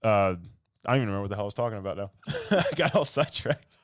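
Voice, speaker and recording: A man's voice: fairly low pitch, big pitch swings, racing, no room sound. Young guy on a podcast ranting n being sarcastic, dry close sound. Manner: ranting, sarcastic, gets loud and laughs mid-sentence. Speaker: podcast co-host. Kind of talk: casual podcast chat.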